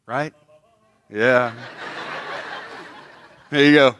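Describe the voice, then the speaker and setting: The pastor speaks a little slowly in a lowish voice, heard in a dry, studio-quality recording of his church sermon. He gets animated acting out little everyday skits, and his voice climbs when he does.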